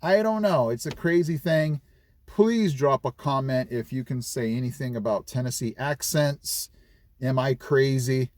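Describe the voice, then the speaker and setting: A man's voice: mid-range voice, unhurried, darkish tone, no room sound. A middle-aged man from California chatting casually in a vlog, rambling with lots of fillers and restarts. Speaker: vlogger.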